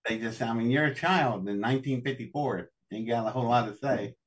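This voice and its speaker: A man's voice: medium pitch, brisk, distant mic. An older man from West Virginia, a show guest telling long folksy stories with chuckles. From West Virginia, USA. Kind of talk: storytelling interview.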